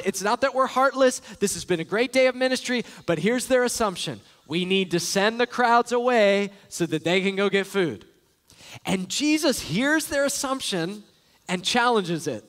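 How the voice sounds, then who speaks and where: High-voiced pastor in a reverberant church. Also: male voice. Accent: Texan. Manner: conversational, animated storytelling with acted-out exclamations. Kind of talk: sermon. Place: church sanctuary. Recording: live church hall with long reverb.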